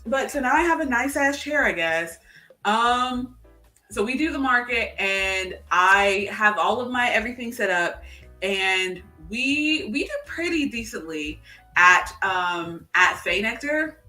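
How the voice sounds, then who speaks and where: A woman's voice: on the high side, a little slow, soft background music. A young adult woman co-hosting a casual chat, telling rambling stories full of fillers. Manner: animated rambling storyteller, many fillers. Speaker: co-host. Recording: roomy, distant from the mic.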